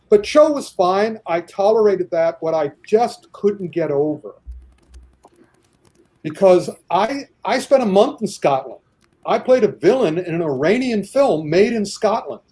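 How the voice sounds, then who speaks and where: A man's voice: high-pitched, a little mellow. A man in a casual debate chat, talking passionately and rambling with many restarts.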